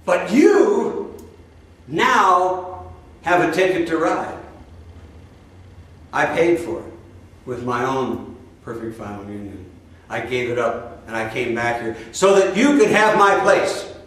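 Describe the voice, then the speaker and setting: An older man delivers a sermon in a folksy, conversational way, tossing in asides and rhetorical questions. His voice sits fairly high for a man. It comes from some distance off the mic and is wrapped in heavy room echo. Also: expressive, takes it slowly, pauses often, fairly bright tone. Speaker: spiritual teacher. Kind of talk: spoken sermon. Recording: roomy echo, speaker far from the mic.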